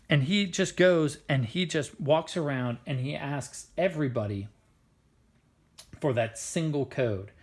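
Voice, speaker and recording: Guy explaining biology stuff, chatty and playful, kinda gravelly voice. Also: mid-range voice. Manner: chatty, playful, with filler words. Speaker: science teacher. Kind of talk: casual explanatory lesson.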